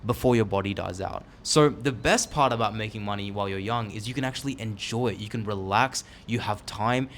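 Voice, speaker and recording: A young man in his twenties talks to his own camera from a seat, casual and candid but pressing each point hard. His voice sits in an ordinary middle register. A light background noise runs beneath him. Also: mid-range voice. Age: 20s. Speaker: online entrepreneur vlogger. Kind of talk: motivational talk to camera. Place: seated indoors, filming himself.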